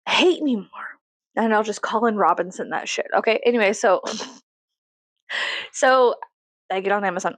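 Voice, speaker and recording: A woman's voice: mid-range voice, normal speed, pauses often, no room sound. A woman, venting profanely and animatedly in a story-time vlog. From Texas, USA. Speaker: vlogger.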